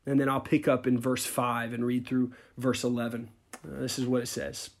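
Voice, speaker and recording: A male pastor preaching a sermon, telling a Bible story in a conversational, animated way with casual asides. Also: mid-range voice, normal speed, vocal fry.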